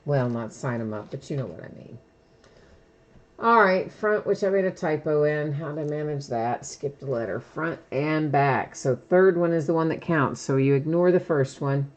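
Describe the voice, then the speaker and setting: A woman's voice: low-pitched, moderate pace. A woman hosting a live stream of trading card breaks, chatting casually and laughing often as she explains how things work.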